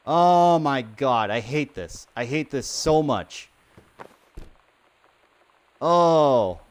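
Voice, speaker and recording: A man commenting on a video game he plays alone in a dark room, swearing often and getting loudly frustrated. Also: mid-range voice, animated, very slow, pauses often, clean tone. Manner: swears constantly, frustrated and loud. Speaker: gamer streaming a playthrough. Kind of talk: profane let's-play commentary.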